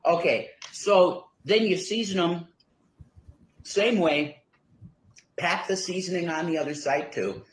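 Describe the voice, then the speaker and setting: A man's voice: high voice, slow, long pauses. A man talking through a home recipe as he cooks, rambling with fillers and restarts. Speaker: home cook in a cooking video. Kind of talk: casual cooking demonstration. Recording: echoey room.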